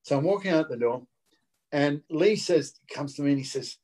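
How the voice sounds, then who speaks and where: A man's voice: a little high, moderate pace. An older man with an Australian accent, a guest actor telling anecdotes in an interview and mimicking the people in them. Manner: lively raconteur who mimics the people in his stories.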